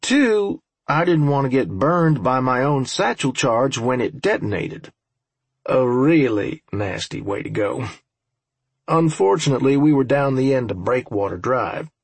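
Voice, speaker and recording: A man's voice: mid-range voice, expressive, a little slow, vocal fry, husky, no echo. A man narrating an audiobook in the first person, with a dry, wry, profane manner.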